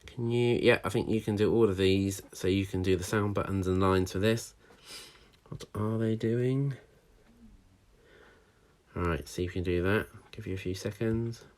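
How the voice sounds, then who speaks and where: A male primary school teacher giving a recorded handwriting and phonics lesson, encouraging and sounding out letters slowly for young children. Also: low voice, steady tone, darkish tone.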